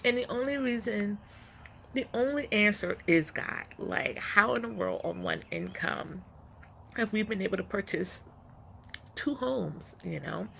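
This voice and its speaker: A woman in her forties talks slowly and haltingly on a front porch, her speech a little muffled by something in her mouth. Her voice is heavily gravelly and quite bright. Faint outdoor ambience sits behind her. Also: mid-range voice, a little hiss or hum. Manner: soft, emotional, halting, with many pauses and fillers. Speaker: vlogger, stay-at-home mom. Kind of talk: heartfelt personal vlog talk.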